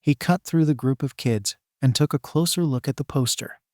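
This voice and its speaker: A man narrating a fan-fiction story in an even, steady storytelling read. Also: mid-range voice, normal speed, no echo, studio quality.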